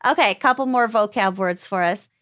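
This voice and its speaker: A woman's voice: mid-range voice, a little fast, a bit bright. A woman co-hosting a casual podcast, playfully explaining regional slang words and acting out examples. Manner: playful, reads out regional vocab words and mimics them. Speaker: podcast co-host. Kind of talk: casual chat.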